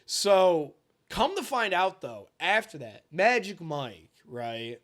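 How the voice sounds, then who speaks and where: A young man in his twenties, co-hosting a podcast and telling a long, profane story in casual, animated chat. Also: high voice, takes it slowly. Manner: animated, swearing, bursts into loud impressions. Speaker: podcast co-host.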